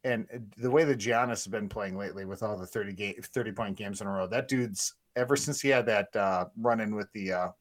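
A man's voice: fairly low pitch, brisk, few pauses, no echo. A man co-hosting a sports podcast, rambling through emphatic opinions with restarts. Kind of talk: casual sports chat.

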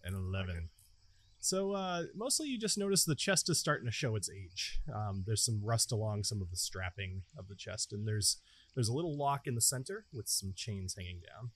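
Guy game-mastering a tabletop game, chatty and relaxed, voice swoops around a lot. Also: lowish voice, normal speed, slightly rough.

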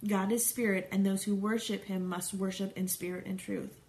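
A woman's voice: mid-range voice, little pitch movement, normal speed, a little mellow. A middle-aged woman reading scripture aloud and stopping for chatty, conversational commentary as a Bible study teacher.

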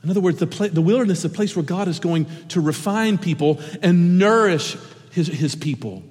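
A middle-aged man preaching an earnest sermon as pastor, swinging between impassioned points and sudden hushed asides. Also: sits high, lively intonation, a little fast. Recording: long reverb of a large hall.

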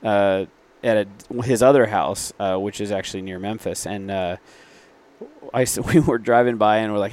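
A man's voice: fairly low pitch, steady tone, normal speed, a little mellow. A man, a business owner, telling stories in a casual interview, rambling with frequent fillers and self-corrections. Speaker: guest, reclaimed wood business owner.

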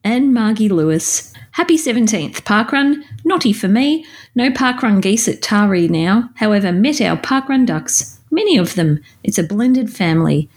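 A woman co-hosts a chatty podcast and reads listener messages aloud. Her voice moves through a wide, expressive pitch range, and she slips in playful little teases. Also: moderate pace. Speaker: podcast co-host. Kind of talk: casual chat, reading listener messages.

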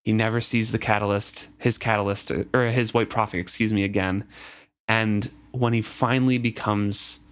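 A man's voice: lowish voice, flat delivery, normal speed, fairly bright tone, clean tone. A man co-hosting a casual book discussion, reading passages and thoughtfully explaining the plot.

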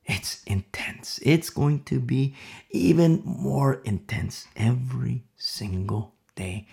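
A man's voice: medium pitch, vocal fry, darkish tone. A man preaching a sermon in an emphatic, storytelling way, often repeating himself for emphasis.

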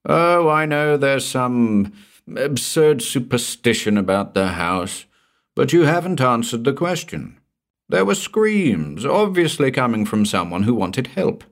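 Give me a stern, impatient coroner grilling a witness, as a male narrator puts him on. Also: mid-range voice. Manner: hectoring, impatient questioning. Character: stern pompous middle-aged male coroner.

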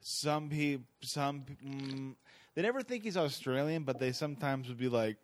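A male comedian guesting on a podcast, chatting casually with crude jokes and quick mock accents. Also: mid-range voice, lively intonation, no echo. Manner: crude, jokey, slips into mock British voices. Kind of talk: casual chat.

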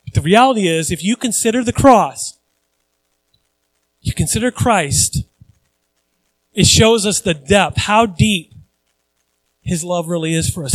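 A male pastor with a high voice preaches conversationally, repeating phrases for emphasis and voicing the people he quotes. The recording is low quality but has no echo.

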